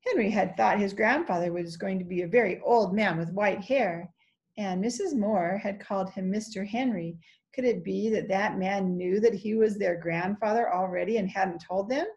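A woman's voice: mid-range voice, moderate pace, a little mellow, muffled recording. Woman reading a children's book aloud. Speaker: reader.

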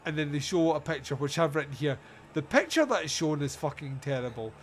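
A man's voice: a little high, fairly quick. A man hosting a casual comedic podcast, retelling film scenes with sarcastic, sweary asides. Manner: sarcastic, sweary, animated storytelling. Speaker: podcast host reviewing a film.

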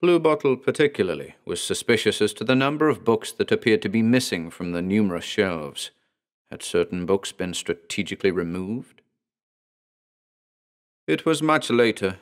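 A man with a fairly low voice narrates a horror story. His delivery is measured and deliberate, in a scripted storytelling style. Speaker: narrator and author.

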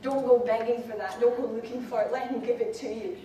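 Fervent high-voiced woman preacher, echoey hall. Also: steady tone, brisk. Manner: fervent, shouting at peaks then dropping low. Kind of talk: sermon to women. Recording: echoey hall from far off, faint noise.

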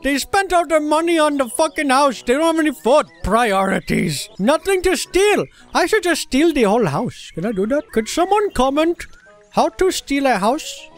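High, wildly animated excitable game commentator. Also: moderate pace, soft background music. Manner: excitable, gasping and exclaiming. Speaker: gameplay commentator. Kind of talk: comedic gameplay commentary.

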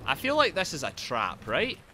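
A young man with a Geordie accent commentates his game on a live stream, his pitch jumping all over as he yells and curses at enemies. The audio carries a clear layer of background noise. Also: normal speed. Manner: excitable, swearing, yelling at the game.

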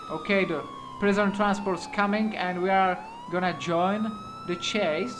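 A man with a non-native English accent giving casual gameplay commentary, excitable and quick to exclaim and swear. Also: high voice, noisy background. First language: not English. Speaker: gaming YouTuber.

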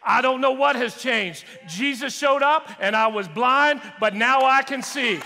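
Man playing healed blind man, plain firm answers, high voice, hall echo. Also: a little slow, bright, forceful tone, full character voice. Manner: simple, firm testimony. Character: healed blind man Bartimaeus, simple and sure.

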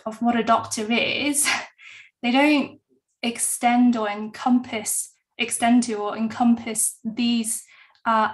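A woman hosting a health interview, asking questions with hesitant restarts. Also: fairly high pitch. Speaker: host.

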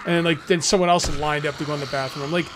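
A man's voice: on the high side, rapid-fire, noisy background. A man hosting a let's play, giving casual gameplay commentary and taunting enemies as he goes. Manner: excitable, jokey, taunts enemies.

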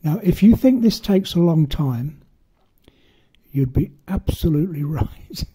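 A man's voice: a little high, expressive, unhurried, warm tone, breathy edge. A man giving a casual hands-on model-making tutorial, rambling and self-deprecating as he works.

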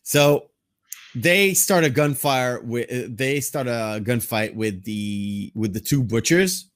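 A man's voice: medium pitch, animated, slow pace, dry recording. A man hosting a casual movie podcast, agreeable and hesitant, full of yeahs and fillers. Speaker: podcast host.

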